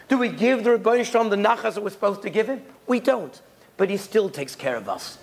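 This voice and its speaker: A man's voice: high-pitched, creaky, slight background noise. A man giving a storytelling sermon, acting out the voices of the characters in his stories. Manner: tells stories, acts out the characters' voices, uses Yiddish and Hebrew terms. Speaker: speaker giving a Torah talk.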